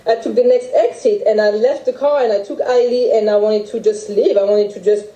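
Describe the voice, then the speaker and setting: A young French woman with a French accent, recounting a personal story in halting speech full of restarts. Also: medium pitch, fairly even intonation, dark tone, echoey room, low-quality recording. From France. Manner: halting, with many restarts and fillers. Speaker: guest telling her story. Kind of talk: emotional personal account.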